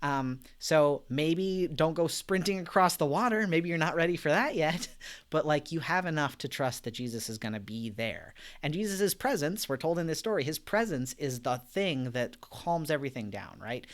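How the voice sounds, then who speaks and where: A man with a voice on the high side speaks at normal speed in an expressive way as he leads a live-streamed Bible study. The tone is casual, gentle, and reflective, with frequent fillers, soft laughs, and viewer comments read aloud.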